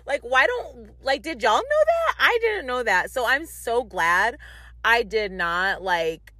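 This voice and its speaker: A woman's voice: on the high side, very animated, slow pace, bright, forceful tone, no echo. Chatty woman podcaster in her thirties. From upstate New York. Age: 30s. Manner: chatty, laughing, self-mocking, lots of fillers. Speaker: podcast host. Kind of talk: casual solo podcast chat.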